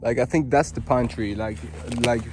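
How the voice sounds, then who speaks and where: Norwegian guy vlogging outside in the woods, super excitable, keeps saying like, mid-pitch voice, a bit of faint noise around. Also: moderate pace. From Norway. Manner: excitable, gushing, rambling with lots of fillers. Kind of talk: casual walking vlog. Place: outdoors in a forest on a hot day.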